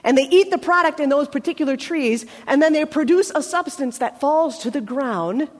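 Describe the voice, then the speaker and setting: A woman preacher speaks in a high voice, giving a conversational sermon with dramatic pauses. Her words ring out with a long reverb in a large church sanctuary. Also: lively intonation.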